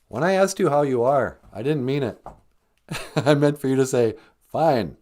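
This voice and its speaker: A man's voice: medium pitch, sing-song, moderate pace, a little mellow. A middle-aged man, hosting a casual livestream podcast, joking with viewers and slipping into silly voices. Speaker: podcast host.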